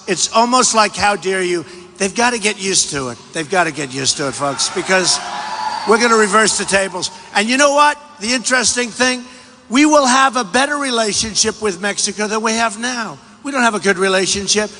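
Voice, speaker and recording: A man gives a campaign rally speech in a big hall, repeating his points and bragging. His voice sits high and comes out sharp and tense. Long arena reverb trails every phrase over a faint background hiss. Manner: repetitive, emphatic, boastful, with shouted asides. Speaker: political candidate. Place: large indoor rally venue.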